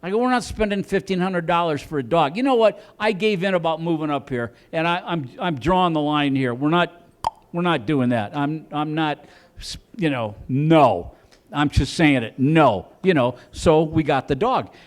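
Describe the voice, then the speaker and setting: A higher-pitched man telling stand-up stories on a comedy club stage. He rambles loosely and keeps restarting with "and, and" before each punchline. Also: expressive, normal speed. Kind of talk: stand-up storytelling.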